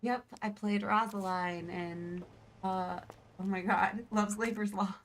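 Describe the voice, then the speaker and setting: A woman's voice: medium pitch, fairly even intonation, slow, slight background noise. A tired young woman, a theater actor, explaining Shakespeare in sassy casual chat, with casual swearing. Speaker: guest on a game stream, theater actor.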